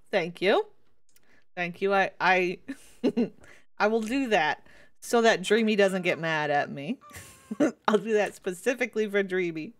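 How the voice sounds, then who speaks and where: A woman's voice: medium pitch, lively intonation, slow pace, long pauses. A woman in her twenties chatting casually as she streams a game, giggly and rambling, with many restarts. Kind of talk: casual gameplay commentary.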